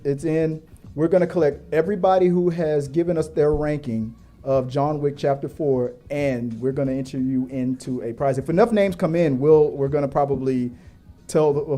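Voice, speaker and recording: Dark-voiced energetic male podcast host. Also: on the high side. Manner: energetic, joking, rambling. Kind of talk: live-stream movie talk.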